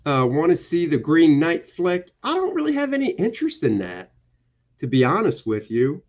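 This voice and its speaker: A man's voice: on the high side, huge pitch swings, normal speed, darkish tone, lo-fi sound. A male comic book artist giving casual, jokey commentary on his pages during a livestream. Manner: playful, jokey, slips into goofy voices.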